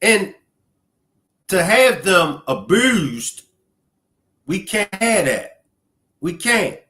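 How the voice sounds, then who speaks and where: A man's voice: high-pitched, sing-song, very slow, pushed and bright. Emotional man commenting on a live stream. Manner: emotional, reacting to clips and chat.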